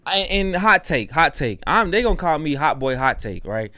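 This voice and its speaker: A man co-hosting a casual reaction show, speaking in an animated, opinionated way. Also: a little high, moderate pace, no echo. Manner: animated, opinionated, slips into mocking voices. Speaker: co-host.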